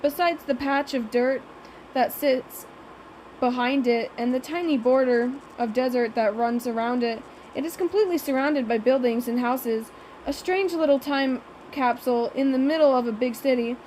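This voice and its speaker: A woman's voice: sits high, moderate pace, darkish tone, a little hiss or hum, poor audio. A woman narrating an audiobook in the first person, with a wry, sarcastic young voice.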